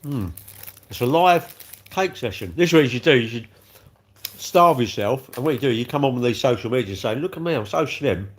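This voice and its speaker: A man's voice: mid-range voice, lively intonation, a little fast, breathy edge. A man hosting a casual livestream, chatty and rambling, often chuckling as he talks. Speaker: livestream host. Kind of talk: casual live chat eating cake.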